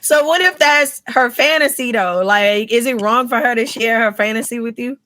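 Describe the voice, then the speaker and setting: A woman's voice: fairly high pitch, normal speed, fairly bright tone, no room sound. A young adult woman hosting a casual live podcast, upbeat and teasing, laughing often. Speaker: podcast host.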